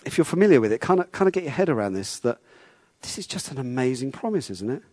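A man's voice: mid-range voice, very animated, fast talker, darkish tone, no room sound. A man preaching a sermon in a conversational way, often repeating words and asking his listeners questions.

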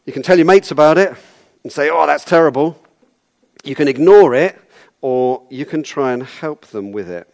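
A man's voice: mid-range voice, moderate pace, darkish tone. A man preaching a sermon in a conversational, wry way, often repeating words as he goes.

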